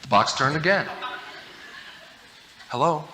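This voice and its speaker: A man giving a humorous storytelling talk from a stage, animated and laughing through his stories. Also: mid-range voice, moderate pace, background noise. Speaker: motivational speaker. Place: stage before a live audience.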